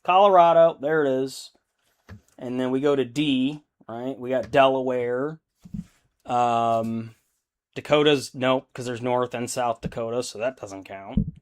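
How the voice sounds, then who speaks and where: Speaking a bit slowly in a mid-range voice, a young adult man chats casually on a live stream as he paints miniatures. He rambles, thinks out loud, and laughs without much prompting.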